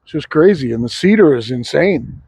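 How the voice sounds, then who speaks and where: A man's voice: a little high, expressive, normal speed, darkish tone, breathy edge, poor audio. A sawmill owner talking casually and bluntly, rambling and swearing freely while he shows off his wood. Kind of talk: casual vlog talk. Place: outdoor log yard.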